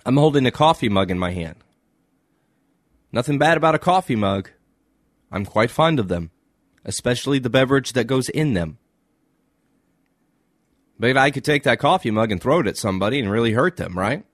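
A man giving a short sermon-like teaching, measured and illustrative. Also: mid-range voice, lively intonation, no room sound, clean studio sound. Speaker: Christian speaker.

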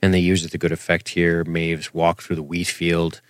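Deep-voiced man recapping a show. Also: completely flat delivery, moderate pace, no room sound, studio quality. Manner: recaps scenes, reads out lines, laughs often. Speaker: podcast co-host. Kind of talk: casual recap chat.

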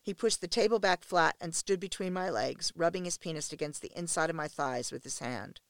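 A woman narrating a first-person erotic story in an intimate, steady reading voice. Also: lowish voice, fairly quick, dry recording. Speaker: audiobook narrator.

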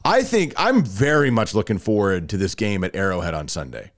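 A man hosts a casual sports talk podcast, and his pitch swings widely as he tells stories in an animated, self-mocking way. His voice sounds close and dry, with no room around it. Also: fairly quick, no room sound. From Alabama, US. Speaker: podcast host.

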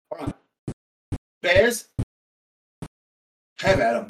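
A man playing a bitter, irate estranged son in a tabletop role-play game, ranting and swearing, swinging from loud outbursts to mutters. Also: on the high side, animated, normal speed, noisy background. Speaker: player.

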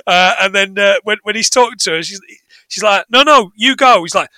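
A man with a high, very bright voice runs through a film's plot in loose, chatty fashion. He is sardonic and sweary and laughs at his own jokes. The sound is close and dry. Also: fairly quick, no room sound. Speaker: podcast co-host. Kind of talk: casual film recap chat.

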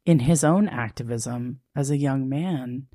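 A woman with a low-pitched voice hosts a conversational interview. She listens closely, offering brief affirmations and asking reflective questions. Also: unhurried, mellow. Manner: attentive listener, short affirmations. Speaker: podcast host.

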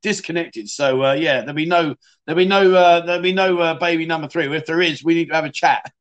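A middle-aged man chats loosely on a livestream. He answers viewers in a blunt, joking way and keeps calling them mate. His voice sits a little higher than most men's. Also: fast talker, a bit bright, lo-fi sound. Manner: chatty, blunt, swears, jokey, says mate a lot. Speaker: livestream host. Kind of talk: casual chat reading viewer comments.

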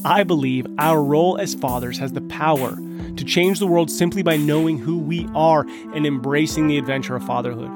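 A man's voice: a little high, normal speed, music in the background. A man in his thirties, hosting a podcast, telling a personal story in an earnest, conversational way. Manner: earnest, conversational, with frequent restarts. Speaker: podcast host. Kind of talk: casual storytelling monologue.

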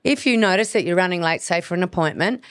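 A woman's voice: fairly low pitch, animated, quick pace, no room sound, studio quality. Earnest woman podcast host. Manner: earnest, coaching, acts out inner voices. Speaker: podcast host, hormone practitioner. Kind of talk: solo educational podcast talk.

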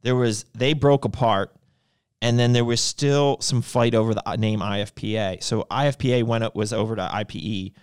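A man's voice: lowish voice, steady tone, normal speed, clear, resonant tone, no echo. Rambling man on a dry close mic. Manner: rambling, loose, self-correcting. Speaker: podcast co-host and supplement brand owner. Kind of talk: casual livestream chat.

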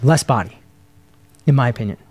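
A man co-hosting a casual podcast, talking excitably and enthusiastically, often trailing off mid-sentence as he hunts for words. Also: medium pitch, brisk, no echo. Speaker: podcast co-host reviewing cigars. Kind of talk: casual chat.

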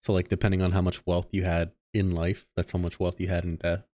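A man's voice: low voice, little pitch movement, fast, warm tone, no room sound. A young man co-hosting a podcast in casual chat, slangy and spinning wild ideas. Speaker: podcast co-host.

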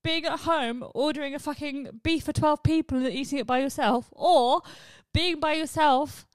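A woman's voice: sits high, moderate pace, no echo. A woman hosting a podcast, telling frank, self-mocking stories full of swearing. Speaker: podcast host. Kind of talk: comic confessional storytelling.

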